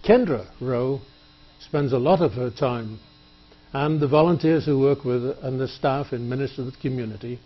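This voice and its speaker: A chatty man hosts a small studio talk show, his voice sitting in an ordinary middle register. He jokes and pauses with fillers, and the lo-fi tape gives everything a dull, muffled sound. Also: medium pitch. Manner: chatty, joking, halting with fillers. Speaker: TV show host. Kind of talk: public-access studio interview. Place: TV studio table.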